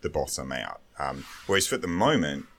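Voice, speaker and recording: A man's voice: rumbling low, very animated, moderate pace, fairly bright tone, slight background noise. A man co-hosting a casual gaming podcast, swearing freely and laughing at crude jokes. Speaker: podcast co-host.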